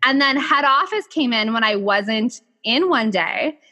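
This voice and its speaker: A woman hosts her podcast and tells a story from her own life in loose, casual chat. Her voice sits a little high and rings bright. She talks animatedly and keeps dropping "like" between her phrases. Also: a little slow. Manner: animated, filler-heavy "like" talk. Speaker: podcast host.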